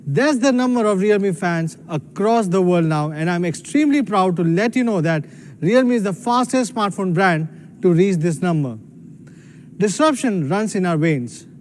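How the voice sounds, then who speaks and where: A man giving a proud, emphatic scripted keynote as a company executive. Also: high-pitched.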